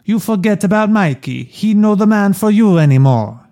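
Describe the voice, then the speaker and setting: A man's voice: sits high, expressive, moderate pace, dark tone, pitched above the performer's own voice. A man voicing a blunt, motherly old Italian woman with a heavy Italian accent and broken English, read out during a podcast chat. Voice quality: broken English, clipped phrasing.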